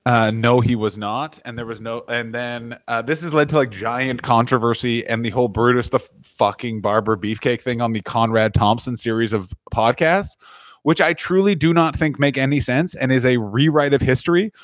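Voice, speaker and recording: A man's voice: medium pitch, normal speed, no room sound, studio quality. A man co-hosting a comedy podcast, talking in a crude, rambling, joking way from the corner of his living room. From Canada. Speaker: podcast co-host. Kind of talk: casual comedic chat.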